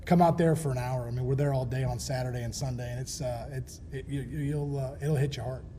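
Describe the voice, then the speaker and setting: A man in his forties from Pittsburgh, a former ballplayer telling stories as a guest on a talk show, animated, restarting sentences and laughing often. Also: medium pitch, fast, slight background noise. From Pittsburgh, USA. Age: 40s. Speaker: guest, former pro baseball player. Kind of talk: casual storytelling interview.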